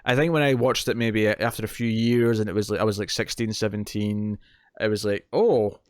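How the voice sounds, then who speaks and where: A man's voice: lowish voice, level tone, fairly quick, smooth, no room sound, clean studio sound. Rambling man in his thirties. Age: 30s. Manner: rambling, self-deprecating, joking. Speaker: co-host. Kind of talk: casual film discussion.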